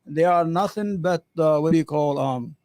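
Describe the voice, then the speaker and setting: A man hosting an opinionated live commentary stream, impassioned and sarcastic, often halting on fillers and restarts. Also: fairly high pitch, a little mellow, dry recording. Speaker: livestream host.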